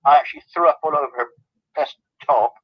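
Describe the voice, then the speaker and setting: Husky man telling rambling stories. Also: a little high, fast talker, highs cut off. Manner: rambling anecdotes, giggling. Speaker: guest, celebrity lookalike. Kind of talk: casual interview chat.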